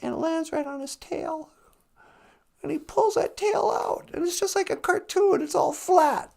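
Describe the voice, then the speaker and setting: A woman's voice: very high voice, measured pace, creaky, mellow. A woman telling a traditional animal tale in a chatty, humorous, conversational way. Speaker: storyteller. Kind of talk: casual storytelling.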